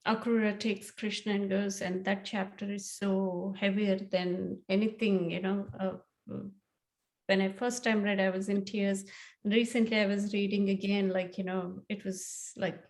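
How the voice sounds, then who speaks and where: A woman's voice: medium pitch, darkish tone. A woman in a class discussion, sharing her thoughts hesitantly, searching for words with many fillers. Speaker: student asking a question.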